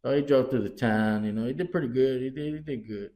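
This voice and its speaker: A middle-aged podcast co-host tells family stories in casual chat, swearing often and acting out what people said as an animated storyteller. He talks fast at a medium pitch, and the recording has a roomy echo.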